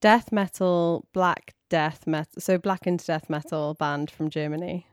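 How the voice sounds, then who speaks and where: A woman's voice: sits low, fairly even intonation, unhurried, dry recording, studio quality. A woman co-hosting a podcast, talking casually with frequent ums and reading out listener questions. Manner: hesitant, lots of ums, giggly. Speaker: podcast co-host. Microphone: studio microphone.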